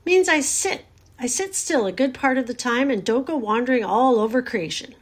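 A woman voicing a calm, wise female spider who talks in a cool, collected, motherly way. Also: fairly high pitch, moderate pace, pitched above the performer's own voice, close to an everyday voice. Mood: firm, soothing.

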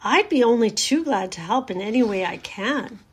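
A woman's voice: a little high, lively intonation, normal speed, slightly rough. A woman voicing a young, timid male pig who speaks eagerly and anxiously. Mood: eager, worried. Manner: eager, worried and pleading.

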